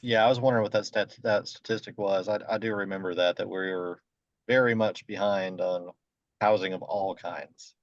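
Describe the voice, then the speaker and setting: Low-voiced man on a dull, dry call. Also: steady tone, no echo. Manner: easygoing, halting. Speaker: guest. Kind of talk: casual chat. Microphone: video call.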